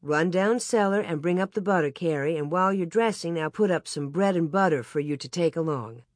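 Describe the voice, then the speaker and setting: A reader voicing a calm, gentle pioneer mother speaking slowly in a storybook. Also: medium pitch, no room sound, clean studio sound, close to an everyday voice.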